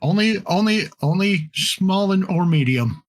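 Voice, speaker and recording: A man's voice: high-pitched, expressive, measured pace. A man chatting on a podcast, grumbling and complaining with some swearing. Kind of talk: casual chat.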